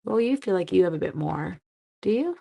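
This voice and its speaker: A woman's voice: fairly low pitch, quick pace, vocal fry, mellow. A woman hosting a casual craft demonstration live stream, chatting with her viewers and reading their comments in a friendly, self-deprecating way.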